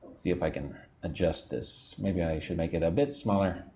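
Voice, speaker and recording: A man teaching an English lesson on a livestream, chatting, reading out viewer comments, and drilling words slowly. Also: deep voice, warm tone. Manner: chatty, reads viewer comments aloud, slow drilled pronunciation.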